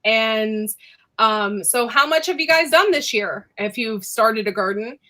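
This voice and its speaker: A woman's voice: fairly high pitch, lively intonation, unhurried, bright, forceful tone, poor audio. A woman hosting a casual live chat, talking chattily and laughing often. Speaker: host.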